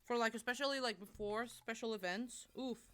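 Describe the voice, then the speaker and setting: A young woman chatting on a live stream in a fairly high, bright voice with a crisp, clear tone. She rambles easily from one thing to the next and talks straight to her viewers. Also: brisk. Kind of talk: casual live-stream chat.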